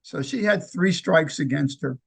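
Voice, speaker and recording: A man who founded a nonprofit tells personal stories in an interview, halting with fillers and restarts and acting out the quoted lines. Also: on the high side, gravelly, breathy edge. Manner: lively anecdotal storyteller who acts out quoted lines. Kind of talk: conversational interview storytelling.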